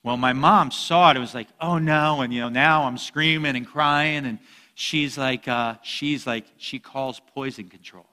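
A man preaching a sermon, a lively storyteller with jokes who swings between loud and soft. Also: medium pitch, normal speed, big-room sound. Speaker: pastor.

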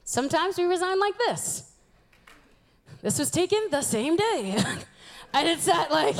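A woman in her twenties giving an animated sermon, acting out the voices she quotes. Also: very high voice, a little slow, long pauses. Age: 20s.

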